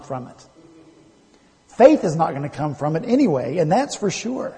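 High, mellow-voiced pastor preaching in a hall. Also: male voice, big pitch swings, normal speed, long pauses. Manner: preaching with emphatic rises and quiet drops. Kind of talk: sermon. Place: church sanctuary.

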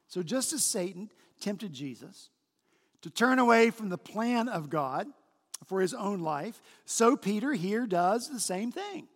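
Male senior pastor, high-pitched, emphatic sermon delivery, recorded in an echoing church hall. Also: lively intonation. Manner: emphatic preaching, slow stressed phrases. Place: large church sanctuary. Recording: long church hall reverb.

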